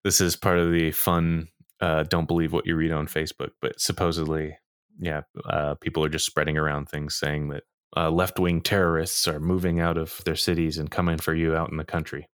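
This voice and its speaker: A man co-hosting a casual podcast chat, relaxed and a little hesitant. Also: rumbling low, a little fast, clear, resonant tone, no room sound, studio quality. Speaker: podcast co-host.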